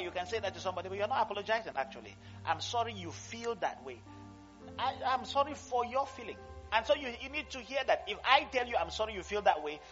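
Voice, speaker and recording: High bright-voiced preaching pastor. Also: male voice, muffled recording. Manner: animated preaching, swinging from loud exclamations to quiet asides, laughing often. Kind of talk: sermon. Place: church service.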